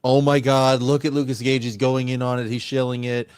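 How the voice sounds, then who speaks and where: Man, mid-pitched voice, dry close sound, animated profane mimicry, livestream banter. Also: a little fast, clear, resonant tone, no room sound. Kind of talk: casual livestream chat.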